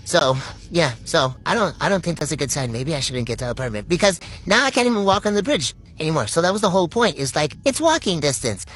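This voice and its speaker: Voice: medium pitch, very animated, fast talker, a bit bright. Rambling, foul-mouthed storyteller from Puerto Rico. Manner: rambling, heavy swearing, lots of fillers. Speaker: TikTok storyteller. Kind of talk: casual storytime monologue.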